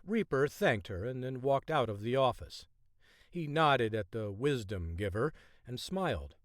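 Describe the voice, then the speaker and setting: Male audiobook narrator, measured and expressive, dry close recording. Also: mid-range voice, no room sound.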